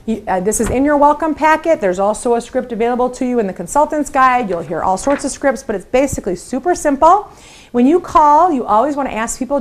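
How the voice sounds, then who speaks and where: A woman's voice: fairly high pitch, quick pace. Upbeat woman coaching new sales recruits. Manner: upbeat, encouraging, acts out phone calls in lively voices. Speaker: sales team leader training new consultants. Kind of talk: training talk to camera.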